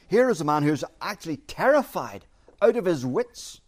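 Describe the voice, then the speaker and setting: Man preaching an emphatic, measured sermon. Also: on the high side, animated. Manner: measured, emphatic, repeats key phrases. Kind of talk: expository sermon.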